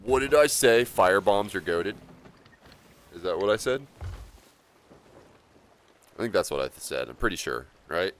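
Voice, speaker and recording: A man casually commentating his game stream, relaxed and rambling, often chuckling as he talks. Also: deep voice, a little slow, long pauses.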